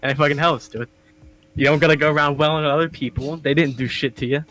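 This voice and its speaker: A man's voice: on the high side, fairly even intonation, quick pace, fairly bright tone, no room sound, soft background music, rough recording. A young man co-hosting a casual podcast, talking loosely with lots of swearing and laughter. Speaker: podcast co-host. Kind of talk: casual chat.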